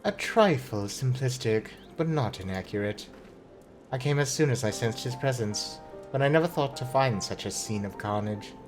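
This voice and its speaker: A man voicing a cool, scholarly female mage who speaks in a measured, formal way, with faint game music behind. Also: mid-range voice, animated, lightly acted.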